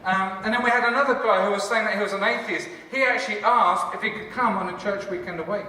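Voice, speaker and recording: A man, a church leader and cafe founder, giving a lively conference talk with jokes for the audience. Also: high voice, fast talker, a little hiss or hum. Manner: enthusiastic, joking, chatty with the audience. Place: large conference hall. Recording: echoey hall from far off.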